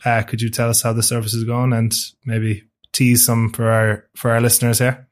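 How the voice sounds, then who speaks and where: Man, podcast host, monotone, easygoing questions. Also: medium pitch, normal speed. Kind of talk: casual chat.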